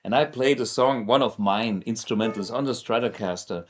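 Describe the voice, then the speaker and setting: A man's voice: medium pitch, normal speed. A German man hosting a guitar show, talking casually to camera in English with many fillers and restarts. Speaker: host.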